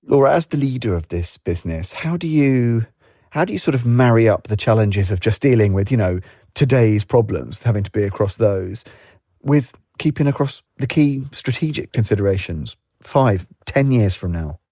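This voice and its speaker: A man's voice: on the low side, expressive, normal speed, mellow, no room sound, clean studio sound. A man interviewing a guest, asking long, tentative questions full of hedges.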